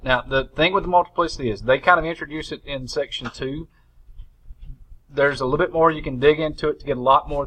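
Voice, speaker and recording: A man's voice: medium pitch, a bit bright, rough recording. Casual male math teacher in a classroom. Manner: casual and conversational, says "y'all". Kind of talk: classroom lecture.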